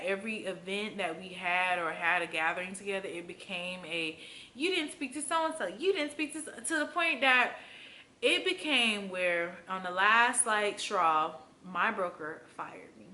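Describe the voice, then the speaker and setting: Bright, animated young woman from Florida. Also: measured pace. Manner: animated, profane, loose with many fillers; acts out quotes with big pitch jumps. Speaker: vlogger. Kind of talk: candid storytime chat to camera.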